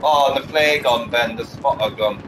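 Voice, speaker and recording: A man's voice: mid-range voice, moderate pace, background noise. A man chatting while gaming, making terse callouts and jokes. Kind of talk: casual gameplay chat. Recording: game sounds loud behind voice.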